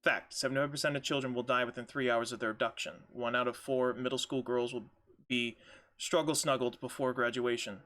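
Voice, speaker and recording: A man's voice: mid-range voice, fairly even intonation, a little fast, fairly bright tone. A man playing a tabletop game over voice chat, joking and laughing, and reading notes aloud to the party. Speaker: player.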